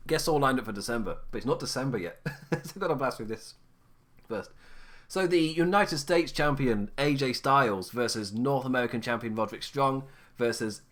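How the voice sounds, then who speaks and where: With a fairly low, fairly bright voice, a podcast host chats alone about wrestling. He sounds tired and low on energy, rambling, frequently laughing and correcting himself.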